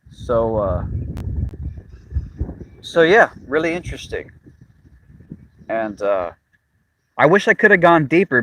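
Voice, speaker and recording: A man's voice: medium pitch, fairly bright tone, low-quality recording. A young man, hosting a casual, rambling monologue to a live chat, swearing freely and laughing at his own jokes. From Miami, Cuban-American. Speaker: channel host.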